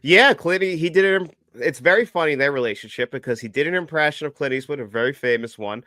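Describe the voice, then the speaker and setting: A man co-hosting a podcast in casual chat, chatty and quick to laugh. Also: on the high side, bright, forceful tone, no echo, clean studio sound. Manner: chatty, laughs often, acts out quotes. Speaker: podcast co-host.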